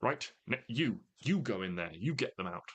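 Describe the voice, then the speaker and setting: A commanding woman barks orders and threats at her underlings in a tabletop game, as a man puts her on. The voice sits a little higher than his own, loud and imperious. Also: big pitch swings, normal speed, breathy edge, full character voice.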